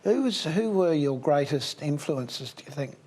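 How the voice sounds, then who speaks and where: A man's voice: fairly high pitch, animated, normal speed, mellow. An older man hosting an interview, reminiscing and asking rambling questions. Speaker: host. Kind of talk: casual interview.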